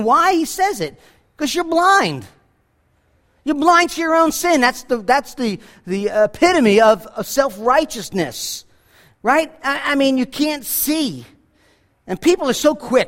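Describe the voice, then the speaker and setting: High-voiced preacher in an echoing hall. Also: male voice, fairly bright tone. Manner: earnest, conversational preaching with emphatic asides. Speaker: pastor. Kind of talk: sermon. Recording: reverb from a large hall.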